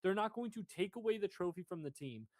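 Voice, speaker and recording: A young man on a casual sports podcast, with a voice a touch higher than most men's. He argues his case at length and swears freely. The sound is close and dry. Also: expressive, fast, a little mellow, no room sound. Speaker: podcast co-host.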